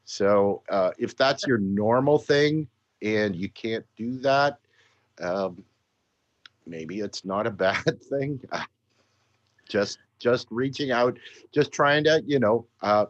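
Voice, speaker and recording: A Canadian man hosts a casual talk show in a low, grumbling voice, tired and dry with a habit of swearing. His voice sits close to the mic in a dry space. The sound is a little dull and lo-fi. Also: slow, no echo. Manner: grumpy, dry and profane. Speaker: podcast host. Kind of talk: casual chat.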